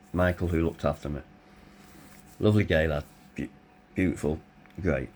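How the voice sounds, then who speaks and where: A middle-aged man telling his own story in a blunt, candid way, swearing freely, his voice tired and hoarse. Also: very deep voice, moderate pace, darkish tone, slight background noise. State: hoarse, voice tiring. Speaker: vlogger. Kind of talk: personal storytelling.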